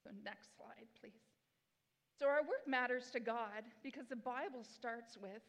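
A woman's voice: fairly high pitch, a little slow. A woman in her forties giving a sermon as pastor, chatty and self-deprecating, with bursts of enthusiasm. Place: church sanctuary. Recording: long hall reverb in a church.

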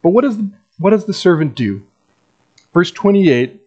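A man's voice: high-pitched, animated, normal speed, pauses often, warm tone. A man preaching a sermon as a pastor in a conversational, wry way with dry asides.

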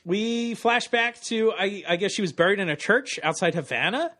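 Man, podcast host, casual chat, animated, laughing, slightly high voice, dry close sound. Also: normal speed, dry recording.

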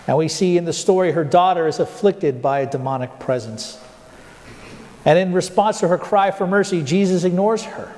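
A man with a fairly high voice delivers a sermon as pastor, recorded in a church with a long reverb. He puts questions to his listeners and draws out key words for emphasis. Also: a little mellow. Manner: asks the congregation rhetorical questions, slows down for emphasis.

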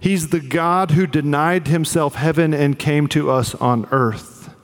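A man's voice: a little high, a little slow, in a large hall. A man preaching a sermon as pastor, earnest and conversational, with fillers.

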